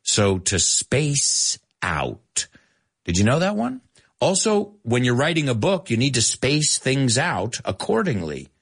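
Playful, husky-voiced male teacher. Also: mid-range voice, normal speed. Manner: animated and playful, laughing at his own jokes. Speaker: English teacher on a live stream. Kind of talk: casual live-stream language lesson.

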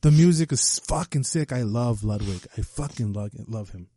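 A man's voice: mid-range voice, animated, normal speed, mellow, dry recording. A man chatting casually about a movie, laid-back and profane, dropping Spanish slang. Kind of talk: casual film chat.

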